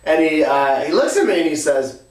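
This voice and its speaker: Halting storyteller man in a roomy echo. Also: fairly high pitch, big pitch swings, a little mellow. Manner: halting, with frequent "uh" fillers. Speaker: podcast host. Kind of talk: casual storytelling. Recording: roomy, distant from the mic.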